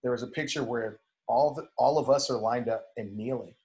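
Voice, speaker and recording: A man's voice: mid-range voice, brisk. A man in casual podcast conversation, telling a story and acting out the dialogue, swearing now and then. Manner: animated, acts out dialogue in retelling. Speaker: podcast guest.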